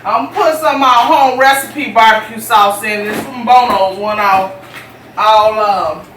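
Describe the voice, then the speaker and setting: A folksy home cook from Jacksonville, Florida, speaks with a Southern US accent in a medium-pitched, fairly bright voice at normal speed. They chat with viewers, calling them y'all, while working through a recipe step by step, and the sound is distant, with roomy kitchen acoustics and a faint hum.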